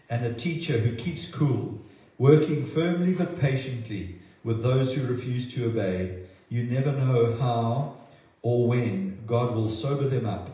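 Male preacher, sermon, earnest, repeats words, mellow tone, very echoey, slightly muffled. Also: medium pitch. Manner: earnest, with frequent repeated words and lively acted-out quotes. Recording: very echoey, slightly dull sound.

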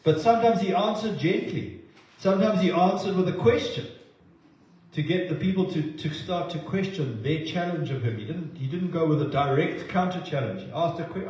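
Male preacher, sermon, earnest, repeats words, mellow tone, very echoey, slightly muffled. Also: a little high, moderate pace. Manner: earnest, with frequent repeated words and lively acted-out quotes. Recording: very echoey, slightly dull sound.

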